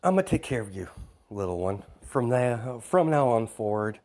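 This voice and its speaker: A man voicing a calm woman who mentors a child, speaking softly and soothingly in a fan-made story. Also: mid-range voice, normal speed. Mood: reassuring.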